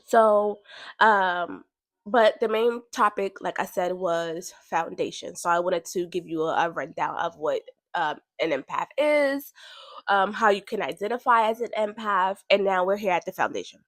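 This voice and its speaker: A woman talking casually about spiritual growth, chatty and animated, with features, laughing now and then and jumping higher when she quotes herself. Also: normal speed, no room sound, studio quality. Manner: chatty and animated, laughs often, bursts high when quoting. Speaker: podcast host.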